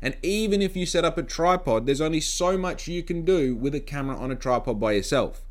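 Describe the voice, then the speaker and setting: A podcaster and vlogger talks casually to camera in a slightly high, lively voice, moving briskly. He's blunt and sarcastic and swears freely, recorded on his phone's microphone.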